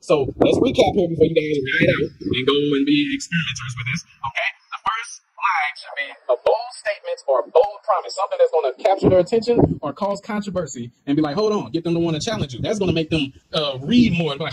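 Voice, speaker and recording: Slangy hyped guy pitching his business course, kinda high voice, loud noise behind him. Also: expressive, fast talker. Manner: hyped, slangy, laughs often. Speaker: online business coach. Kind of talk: casual coaching talk to camera.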